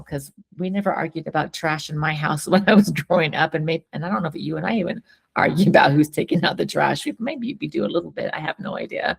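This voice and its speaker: This woman has a low, creaky voice. She's a therapist co-hosting a casual teaching chat, chatty and laughing as she tells stories, often restarting her sentences.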